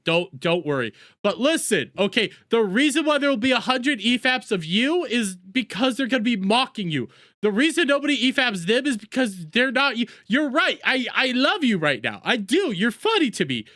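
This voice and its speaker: A young male streamer riffs over clips and reads chat aloud, mocking and excitable. His bright voice swings widely in pitch, and he swears freely. The sound is dry and close. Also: normal speed, no echo. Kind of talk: live reaction commentary.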